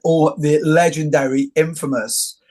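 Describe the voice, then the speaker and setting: A middle-aged man hosting a casual interview, telling jokey, animated stories. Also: on the high side, a little slow. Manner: joking, animated storyteller. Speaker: host.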